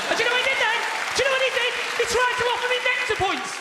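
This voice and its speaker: Speaking rapid-fire with few pauses, a man with an English accent and a very high-pitched voice performs sarcastic stand-up on a large theatre stage before a live audience. He tells a story by acting out a phone call with a salesman. The echoey hall carries loud ambience, crowd sounds and background noise.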